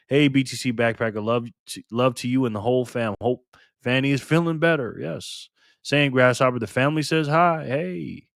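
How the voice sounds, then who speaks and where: A man chats casually on a livestream, cheerful and quick to greet each viewer. His voice sits at a middle pitch. The sound is dry and close, with no room echo. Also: a bit bright. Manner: upbeat, greets viewers one by one. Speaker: livestream host.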